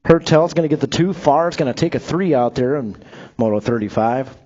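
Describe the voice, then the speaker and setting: A man's voice: medium pitch, warm tone, dull audio. A man announcing live BMX races over a track PA, rattling off rider names and placings with joking asides. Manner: upbeat, joking asides between rapid race calls. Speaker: race announcer. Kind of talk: live BMX race commentary.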